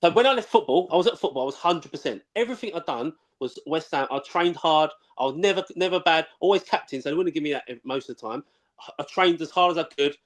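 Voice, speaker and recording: A fast-talking man tells his stories bluntly and swears freely. His voice sits a little high, and the talk is excitable and casual. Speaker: former footballer, guest. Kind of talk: casual live chat.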